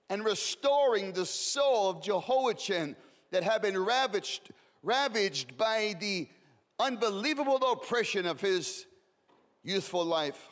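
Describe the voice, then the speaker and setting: A man's voice: high-pitched, animated, takes it slowly, fairly bright tone, big-room sound. A man preaching a sermon with passion, repeating words and building in rising waves.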